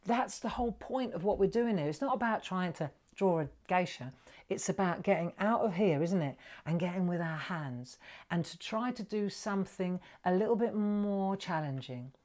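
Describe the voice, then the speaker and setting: A woman's voice: on the low side, darkish tone. A middle-aged woman with a British accent hosting a live drawing tutorial, chatty and coaxing her viewers along. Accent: British English. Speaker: craft presenter.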